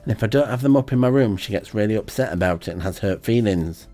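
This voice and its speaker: A man hosting an amateur radio show in a rambling, hesitant, deadpan comic monologue full of ums. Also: lowish voice, quick pace, faint music behind.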